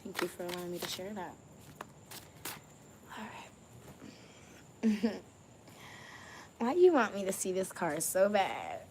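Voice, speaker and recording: A woman's voice: lowish voice, big pitch swings, slow, long pauses, slight background noise. A woman giving a casual spiritual tarot reading in slangy, profane talk, laughing often and stretching out emphatic phrases. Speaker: tarot reader.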